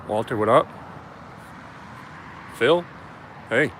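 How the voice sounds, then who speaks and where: Drawn-out words and an expressive, slightly bright medium-pitched voice mark this First Amendment auditor's live stream. He strolls around a police station outdoors with a handheld camera, chatting casually and greeting viewers by name, with a little hiss or hum in the audio.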